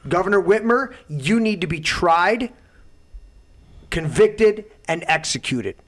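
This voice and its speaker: A man's voice: high-pitched, animated, slow. A man hosting his own talk show, delivering an indignant, profane rant. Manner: loud, indignant, heavy swearing. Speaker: host.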